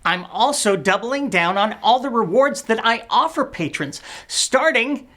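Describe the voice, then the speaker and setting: A woman hosting a sarcastic satirical rant. A scornful, blunt edge runs through her scripted delivery, and she is quick to swear when she wants to land a point. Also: fairly high pitch, animated. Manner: blunt, profane. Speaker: satirical web show host.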